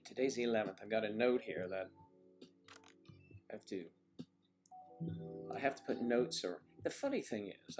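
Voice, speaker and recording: A man hosting a casual livestream from home, rambling and swearing, with sudden jumps into high-pitched acted quotes. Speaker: livestream host. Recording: loud music playing behind.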